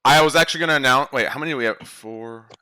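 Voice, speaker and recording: A man's voice: mid-range voice, racing, sharp tone, poor audio. A man hosting a casual voice-call podcast, playfully keeping things moving. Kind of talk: casual host chat on a voice call.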